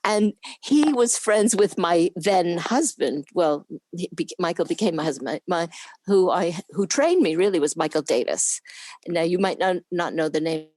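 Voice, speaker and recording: Lively older woman telling stories. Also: fairly low pitch, unhurried, dry recording. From New York. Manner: animated, laughs often, acts out quoted voices. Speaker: guest, former camera assistant. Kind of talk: casual interview storytelling.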